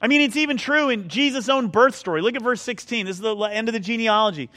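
A man's voice: extremely high pitch, fast talker, bright, forceful tone. A middle-aged male pastor preaching a sermon, telling a self-mocking personal story in a conversational way.

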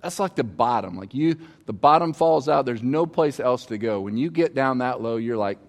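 A man's voice: medium pitch, expressive, normal speed, few pauses. Middle-aged male pastor, conversational sermon from the stage, storytelling, calls on the audience, mid-range voice. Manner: conversational, asks the audience to respond, tells personal stories. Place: on stage before a congregation.

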